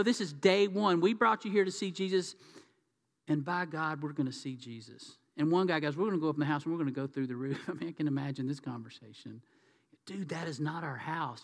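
Pastor, male, high voice, lively storyteller, big reverberant church hall. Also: creaky. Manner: animated storytelling, acting out voices. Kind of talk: sermon.

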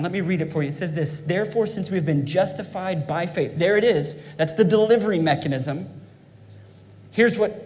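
A man's voice: on the high side, a little mellow, slight background noise. A man preaching a fervent sermon as pastor, calling out to his congregation. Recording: long hall reverb.

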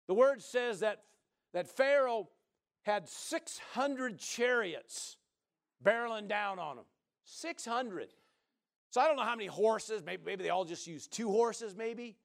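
A man preaching a sermon in a folksy, joking way, often asking the listeners "right?" and swinging from loud to soft. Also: high voice, animated, unhurried, gravelly, pauses often.

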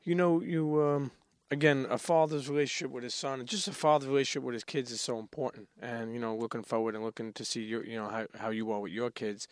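A man hosting a podcast interview, earnest and halting, restarting his sentences. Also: medium pitch, fairly even intonation, dry recording, studio quality. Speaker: podcast host. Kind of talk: casual interview.

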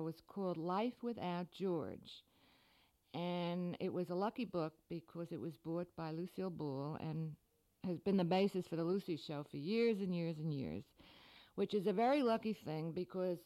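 A middle-aged woman author from the United States, giving a scripted radio talk with dry, deadpan humor. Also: lowish voice.

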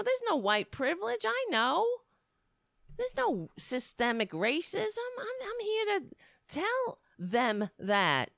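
A smug, sing-song woman breezily waving away racism with syrupy sarcasm, as a commentator mocks her. The voice leaps high and swoops about with exaggerated sweetness, then drags out words slowly. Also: vocal fry, a bit bright, dry recording, clean studio sound, full character voice. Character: smug mocking woman insisting racism isn't real.

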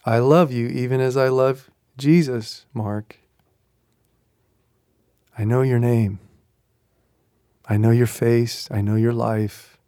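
A man voicing a hushed, tender loving God. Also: medium pitch, fairly even intonation, clear, resonant tone, dry recording, clean studio sound. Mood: reassuring. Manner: hushed, slow, intimate and tender. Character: gentle loving God, tender, welcoming, fatherly.

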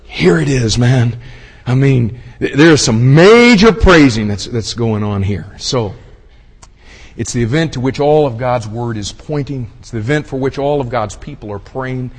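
A man preaching a sermon, folksy and direct, swinging from hushed murmurs to loud shouted exclamations. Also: mid-range voice, moderate pace. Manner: folksy, addresses the audience as y'all and buddy. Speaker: pastor. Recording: husky voice with long hall reverb.

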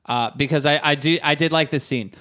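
A man's voice: fairly high pitch, a little fast, a bit bright. Laughing jokey man reviewing a movie. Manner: jokey, laughs often, acts out quotes. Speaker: podcast co-host. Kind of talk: casual comedic movie review chat.

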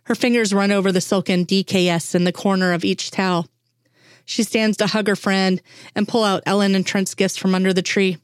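A woman reading fan fiction aloud in a steady, unhurried way. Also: mid-range voice, dry recording, studio quality. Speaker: reader.

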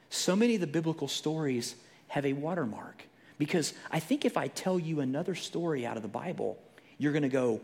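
A man preaching a sermon in a conversational storytelling way, dropping to a hushed whisper and then rising to loud emphasis. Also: fairly high pitch, lively intonation, brisk. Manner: conversational, storytelling with frequent restarts.

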